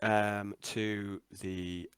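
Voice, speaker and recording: A man's voice: lowish voice, little pitch movement, drawn-out words, a bit bright, clear, resonant tone, no room sound. A man, running a tabletop game as game master and narrating with hesitant starts. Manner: hesitant, many ums and restarts.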